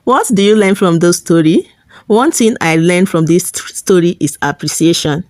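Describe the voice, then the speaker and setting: Steady woman storyteller, dry sound. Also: lowish voice, normal speed, no echo. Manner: plain, steady storytelling with occasional slips. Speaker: storyteller and channel host. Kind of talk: storybook narration.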